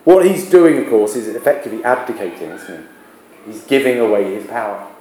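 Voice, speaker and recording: A male teacher explains a text to his class in an unhurried way, often asking rhetorical questions as he goes. His voice is mellow and dark. The classroom is echoey, with a faint hum of background noise. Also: lowish voice, lively intonation. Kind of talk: classroom literature lesson.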